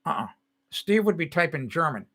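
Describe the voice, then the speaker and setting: Animated older man rambling on a live stream. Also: a little high, normal speed. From United States. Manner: rambling, reads and answers chat comments. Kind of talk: casual live-stream chat.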